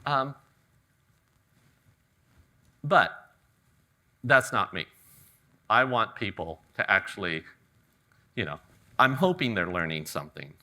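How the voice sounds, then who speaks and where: Relaxed, bright-voiced man teaching ikebana. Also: fairly low pitch, slow pace, long pauses. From California. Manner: relaxed, joking storyteller. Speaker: ikebana demonstrator. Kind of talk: live floral demonstration talk. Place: garden event venue with audience.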